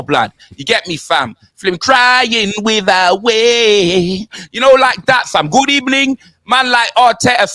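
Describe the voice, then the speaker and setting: A man's voice: high voice, bright, forceful tone, no room sound, clean studio sound. A young man with a London accent hosting comedic football banter, rattling off slang and sing-song punchlines.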